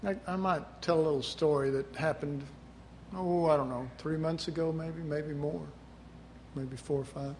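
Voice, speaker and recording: A man's voice: a little high, fairly even intonation, normal speed, a little mellow, slight background noise. A middle-aged man preaching a sermon in a conversational way, often acting out the voices he quotes.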